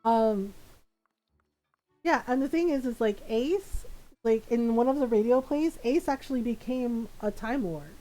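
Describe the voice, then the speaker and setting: Woman streamer, gaming chat; a touch high, animated, laughs a lot, rambles. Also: a little slow, soft background music, rough recording.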